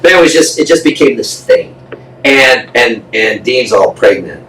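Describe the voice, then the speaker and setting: A man's voice: fairly low pitch, expressive, normal speed, fairly bright tone. A man guest on a podcast, telling a story in a blunt, profane, casual way and acting out the voices of people he quotes. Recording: echoey room, distant mic, faint noise.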